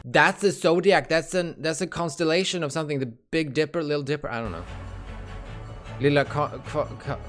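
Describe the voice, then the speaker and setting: Excitable, breathless young man reacting to music. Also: on the high side, brisk. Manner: excitable, swears, gasps and exclaims. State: a little out of breath. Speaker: K-pop reaction YouTuber. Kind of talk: casual reaction commentary. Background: music playing faintly.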